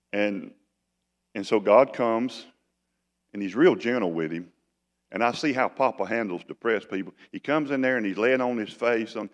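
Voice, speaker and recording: A man preaching a sermon as pastor, with folksy, animated delivery. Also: fairly low pitch. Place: church sanctuary. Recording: long church reverb.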